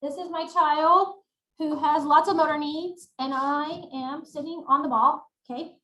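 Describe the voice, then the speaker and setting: A woman leads a webinar from home, animated as she acts out routines for her audience. Her voice sits high and sounds bright. The webcam picks up a roomy, echoey space. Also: unhurried. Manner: animated, demonstrating routines aloud. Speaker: workshop presenter. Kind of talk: webinar teaching demonstration.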